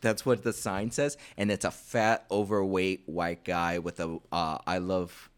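A young man chatting casually, rambling through animated story retellings. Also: sits low, measured pace, clear, resonant tone. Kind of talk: casual chat.

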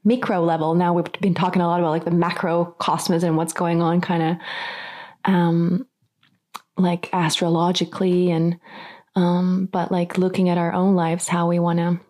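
A woman from Nordic Europe with a fairly low voice co-hosts a relaxed chat. She rambles and restarts often, leaning on fillers and laughing between her thoughts. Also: moderate pace. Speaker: podcast co-host. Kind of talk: casual chat.

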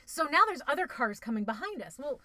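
A woman chatting casually and telling a story in a lively, profane way, acting out what she said at the time. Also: high-pitched, brisk, no room sound. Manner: animated, profane, acts out her own quotes.

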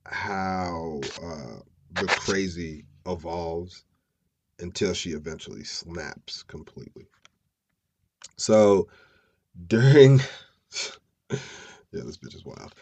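A man hosting a podcast, retelling a story casually with profane slang. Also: sits low. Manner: profane, slangy, chuckling asides. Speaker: podcast host. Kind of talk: casual true-crime storytelling.

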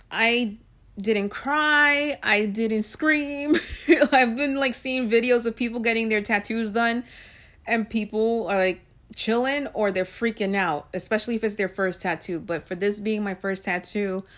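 A woman of Guyanese and Puerto Rican heritage speaks at a medium pitch with a fairly bright tone. As a vlogger, she tells personal stories in a loose, chatty, conversational way, full of filler words like um and like.

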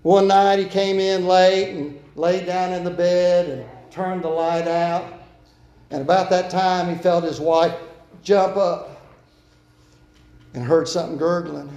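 A man preaching a sermon as pastor, earnestly urging and then dropping to quiet pleading. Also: sits high, fairly even intonation, takes it slowly, dull audio. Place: church sanctuary. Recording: echoey church room.

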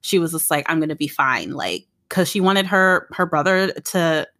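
Woman podcast cohost, kinda low voice, rambly and heartfelt, super dry close sound. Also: expressive, moderate pace, pushed and bright, dry recording. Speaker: podcast co-host. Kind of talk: casual chat recapping a drama.

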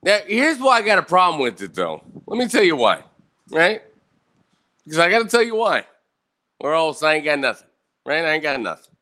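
A man's voice: a little high, very animated, normal speed, pauses often, bright, forceful tone. A man hosting his own live online show, ranting angrily and swearing constantly, checking in with "right?" after each point. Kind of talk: angry profane livestream rant. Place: indoor room with bright light and a fan.

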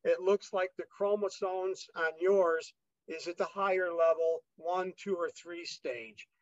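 A man's voice: high-pitched, flat delivery, a little slow, no room sound, dull audio. A man being interviewed, telling his own story in a loose, rambling way, with many fillers and restarts as he re-enacts the dialogue. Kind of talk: casual conversational storytelling.

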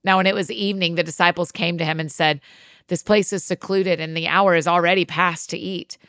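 A woman with a fairly low voice reads scripture aloud in a measured, even tone. The sound is close and dry, with no room around it. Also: no room sound. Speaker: scripture reader. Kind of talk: scripted Bible reading.

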